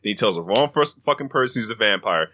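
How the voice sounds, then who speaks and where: A young man chats on a casual podcast with a bright, forceful edge to his voice. He retells scenes with lots of swearing and quick acted-out quotes. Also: fairly low pitch. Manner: profane, animated retelling of scenes. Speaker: podcast co-host.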